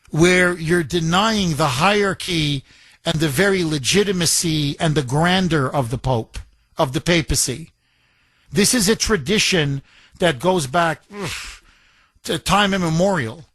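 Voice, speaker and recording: A man's voice: a little high, fairly bright tone, no echo. A man hosting a talk radio show, speaking emphatically and indignantly with many restarts.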